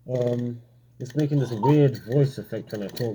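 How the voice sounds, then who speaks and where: A man giving casual commentary while speaking through a gas mask, which muffles his voice. He talks in a relaxed, rambling way with many fillers. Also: medium pitch, unhurried, long pauses, a little hiss or hum, poor audio. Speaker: vlogger reviewing a gas mask.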